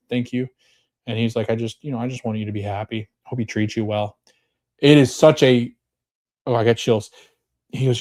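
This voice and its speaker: A man hosting a podcast, casually recapping a TV episode and retelling scenes as quoted dialogue, his voice jumping up when he gets excited. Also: mid-range voice. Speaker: podcast host.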